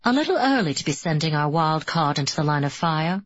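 A woman reading the part of a wary young male teammate who speaks quietly, almost muttering. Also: deep voice, big pitch swings, fairly quick, no echo, highs cut off. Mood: low-key.

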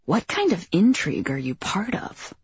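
A woman voicing a playful teenage girl who teases in a dry, deadpan way. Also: low-pitched, normal speed, husky, no room sound, highs cut off, exaggerated voice. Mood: teasing.

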